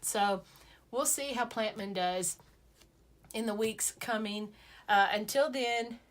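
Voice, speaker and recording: A woman's voice: a little high, takes it slowly. A woman chatting playfully to her viewers, full of self-mocking asides. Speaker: sewing vlogger. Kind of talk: casual chat to camera.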